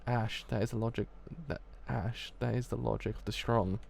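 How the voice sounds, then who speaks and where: A man doing a gentle, worried young man. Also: on the low side, steady tone, moderate pace, gravelly. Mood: earnest. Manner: soft, earnest, pleading.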